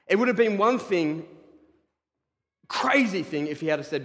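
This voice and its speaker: An Australian man preaching in a church hall, his fairly high voice ringing out with a long reverb tail. He talks conversationally with the congregation, jumping from loud emphatic bursts to hushed, low asides. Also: animated, a little slow. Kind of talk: sermon.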